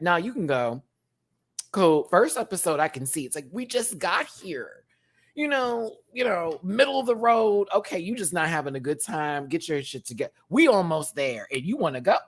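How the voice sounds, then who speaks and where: A man who performs in drag, giving a sassy, slangy rant reviewing a reality show and thanking his viewers. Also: on the high side. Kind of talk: casual reaction rant.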